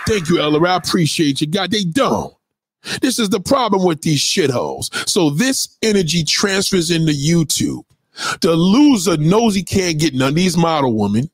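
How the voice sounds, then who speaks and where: A man's voice: fairly high pitch, husky, no echo. A man giving a profane, aggressive, taunting ranting commentary into a close mic. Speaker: online commentator.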